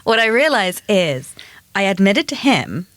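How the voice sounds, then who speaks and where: A woman co-hosting a podcast, telling a personal story in quick, animated bursts. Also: mid-range voice, dry recording. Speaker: podcast co-host. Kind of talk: casual chat.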